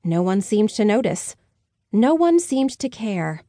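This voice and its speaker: A woman's voice: medium pitch, big pitch swings, a little slow, dark tone, dry recording, studio quality. A woman narrating a story in the first person, with wry, sardonic inner commentary. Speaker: audiobook narrator.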